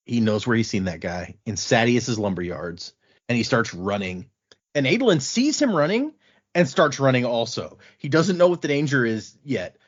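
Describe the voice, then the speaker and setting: A man hosting a podcast, chatting loosely as he recaps what happened in the chapters. His voice sits at an ordinary middle pitch. The recording sounds a little dull and lo-fi. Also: normal speed. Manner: animated retelling, acting out quotes in passing. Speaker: podcast host recapping a book. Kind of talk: casual chat.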